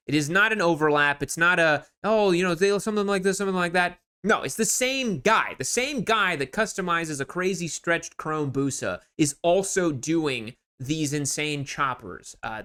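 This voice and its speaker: Sarcastic man roasting motorcycle listings. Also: a little high. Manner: sarcastic and animated, mocking listings. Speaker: motorcycle channel host. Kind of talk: casual commentary.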